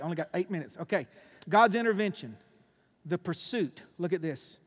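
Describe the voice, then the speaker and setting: A man preaches in a reverberant church hall. His voice sits high for a man, and he swings between loud, fiery bursts and hushed, intense moments. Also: animated, moderate pace, breathy edge. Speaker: pastor. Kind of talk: sermon.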